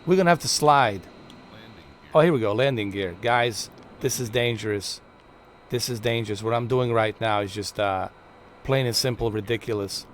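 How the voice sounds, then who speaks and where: A man's voice: medium pitch, moderate pace. A young man streams himself playing, talking loosely and swearing as he jokes along. He hams things up with fake drama, and a faint hum of engine noise sits behind his voice. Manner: joking, profane, mock-dramatic. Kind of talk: casual live gameplay commentary.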